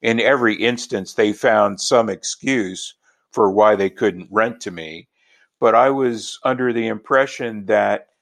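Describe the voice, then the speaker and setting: A man from Los Angeles, a professor, answering interview questions in a measured, explanatory way. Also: fairly low pitch, gravelly, a bit bright. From Los Angeles, United States. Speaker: linguistics professor.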